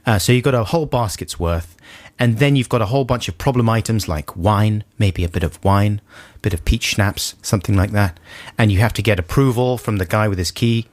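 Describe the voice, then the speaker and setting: A man's voice: lowish voice, brisk, dry recording. A man co-hosting a radio show, chatting casually in a rambling, jokey way that often breaks off mid-sentence. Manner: rambling, jokey, self-interrupting. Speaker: radio co-host. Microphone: studio microphone.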